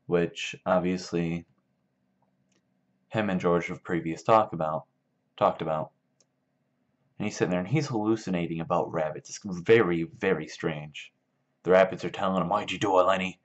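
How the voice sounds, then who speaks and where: Low-voiced man rambling through a comedic retelling. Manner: rambling, loose, filler-heavy. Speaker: video maker. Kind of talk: casual comedic book retelling. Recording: dull lo-fi sound.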